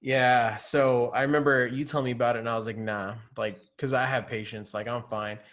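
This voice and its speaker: A young man hosting a relaxed podcast conversation at a medium pitch. He talks loosely, packs his sentences with fillers and chuckles as he tells stories about his kid. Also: fairly quick. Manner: laid-back, many fillers, laughs through stories. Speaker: podcast host. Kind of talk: casual interview chat.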